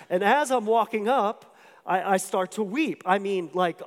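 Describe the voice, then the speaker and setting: A man with a fairly high voice preaches a sermon in a casual, storytelling way, often stumbling and restarting his sentences. His words ring out in a large hall with a long echo. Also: brisk. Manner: conversational storytelling with many restarts and asides.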